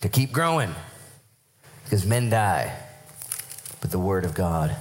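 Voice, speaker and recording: A man preaching a sermon at a morning church service, excited and animated, acting out voices as he tells the story. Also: sits low, measured pace, a little hiss or hum, rough recording. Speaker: pastor.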